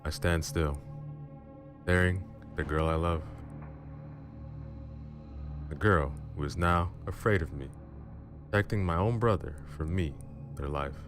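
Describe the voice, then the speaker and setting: Very deep-voiced male storyteller. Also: measured pace, pauses often. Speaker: storyteller, channel host. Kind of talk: first-person story narration. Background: music.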